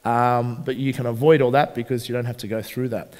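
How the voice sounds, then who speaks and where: An Australian man giving a live seminar, energetic and asking the audience questions. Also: medium pitch, brisk, long reverb tail. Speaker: seminar presenter. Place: large hall at a live seminar.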